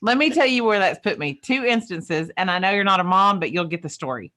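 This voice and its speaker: Co-host, woman, folksy and emphatic storyteller, mid-pitched. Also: expressive, fairly quick, pushed and bright. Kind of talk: casual coaching chat, storytelling.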